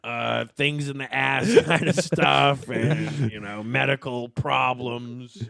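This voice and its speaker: A man, a guest on a casual podcast, talking in a middle-pitched voice in a rambling, hesitant way and stopping to restart his sentences. The recording is dry and close, with no room around it. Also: slow, gravelly, pushed and bright, dry recording. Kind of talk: casual chat.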